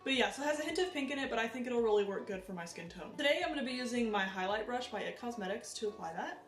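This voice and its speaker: A woman vlogger chatting casually as she tries out makeup, animated and self-deprecating. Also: on the high side, quick pace, few pauses, echoey room, far from the mic, soft background music. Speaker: beauty vlogger. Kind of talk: casual makeup tutorial chat.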